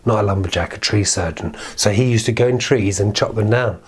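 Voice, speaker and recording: A man telling a fairy tale to children in an animated way, with sound effects and chatty asides. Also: lowish voice, a little fast. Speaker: children's storyteller. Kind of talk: storytime narration for children.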